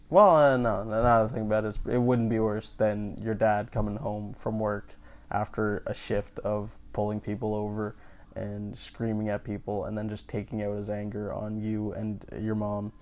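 A man with a fairly low voice riffs in loose podcast chat as a comedian. He rambles, stammers and restarts his sentences as he thinks aloud. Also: a little mellow.

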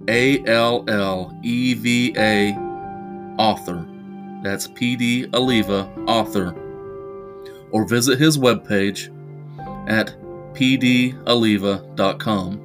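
A man narrating a horror story as a podcast host, measured and ominous. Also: medium pitch, music in the background.

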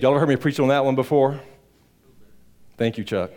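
A male pastor preaching a sermon in church, swinging between loud emphatic peaks and low quiet asides, with a rambling, folksy delivery. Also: fairly quick. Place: church sanctuary.

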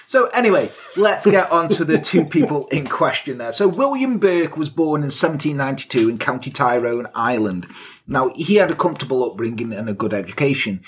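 A man's voice: mid-range voice, expressive, a little fast, slight background noise. A man co-hosting a podcast, telling a historical crime story in a casual, crude, jokey way. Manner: crude, jokey, sarcastic asides. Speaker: podcast co-host.

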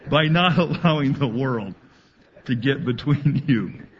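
A man preaching a sermon to his congregation, reading scripture aloud and adding animated asides. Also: medium pitch, unhurried, highs cut off, a little hiss or hum. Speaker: pastor.

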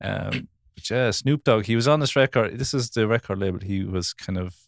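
Low-voiced podcast host. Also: male voice, normal speed, vocal fry, dry recording, studio quality. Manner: laughs easily, rambling storytelling. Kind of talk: casual chat.

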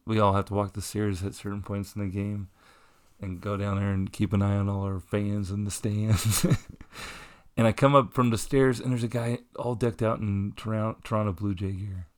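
A man's voice: fairly low pitch, steady tone, normal speed. A man co-hosting a casual podcast, telling a rambling story and laughing often as he talks. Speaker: podcast co-host. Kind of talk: casual chat.

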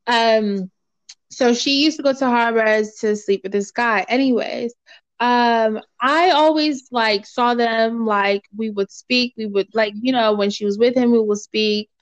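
A young woman co-hosting a podcast, telling a story in casual chat, full of fillers, and acting out other people's lines in lively voices. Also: on the high side, measured pace, no echo, muffled recording. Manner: animated, acts out quoted voices, lots of fillers.

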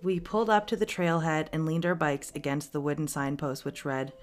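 Low-voiced woman reading a story. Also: fairly even intonation, fairly quick, few pauses, faint music behind. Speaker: podcast host.

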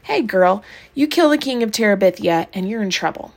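A woman's voice: medium pitch, lively intonation, fairly quick. Woman voicing a hesitant country boy. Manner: hesitant, plain-spoken. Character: shy, doubtful country boy.

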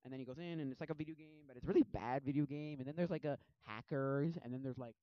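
A man rambling through a casual movie recap at his computer, full of fillers and animated asides. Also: medium pitch, quick pace, dry recording. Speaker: movie vlogger. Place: home desk at a computer. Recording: dull lo-fi audio, dry.

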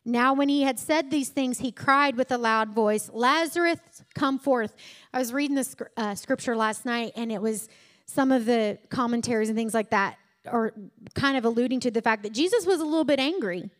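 A woman's voice: on the high side, fairly quick. A woman preaching a sermon, retelling scripture stories and building to emphatic peaks.

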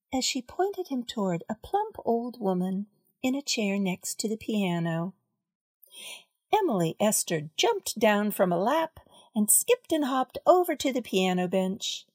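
Lady reading a kids storybook real slow, kinda high, dry close mic. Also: slightly rough, dry recording. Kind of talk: children's story read aloud.

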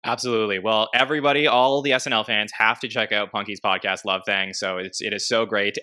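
A man's voice: on the low side, bright, forceful tone. A man hosting a podcast interview, upbeat and promotional as he asks questions and wraps up. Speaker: podcast host. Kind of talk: casual interview.

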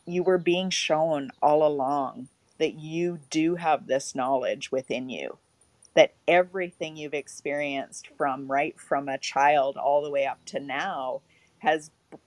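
A woman podcast host speaking in a gentle, reassuring way about inner wisdom. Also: sits low, a little slow, no echo. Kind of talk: affirming spiritual conversation.

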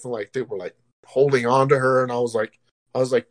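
A man telling a story in casual podcast chat, animated, swearing and laughing, acting out quotes loudly. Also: mid-range voice, a little fast.

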